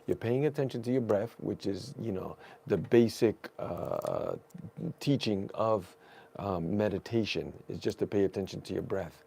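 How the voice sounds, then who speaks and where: Low gravelly husky man. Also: a little slow. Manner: animated, storytelling, spiritual encouragement. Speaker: guest. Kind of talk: casual conversation.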